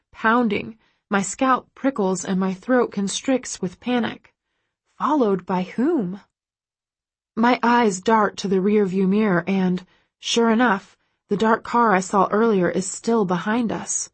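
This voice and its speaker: Woman narrator, audiobook, husky voice, dry close sound, breathless inner monologue. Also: mid-range voice, takes it slowly, no room sound. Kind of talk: first-person audiobook narration.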